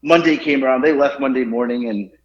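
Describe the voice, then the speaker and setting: A man in his forties telling stories on a casual podcast, animated and laughing often. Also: mid-range voice, fairly quick. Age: 40s. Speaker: podcast co-host. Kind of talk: casual storytelling chat. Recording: roomy, dull lo-fi sound.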